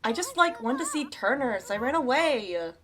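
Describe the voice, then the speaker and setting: A woman's voice: sits high, very animated, normal speed, a bit bright. A woman voicing a dim, spacey male seabird in a game, talking in a drawling, dopey way that tips into panic. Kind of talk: let's-play voice acting over game dialogue.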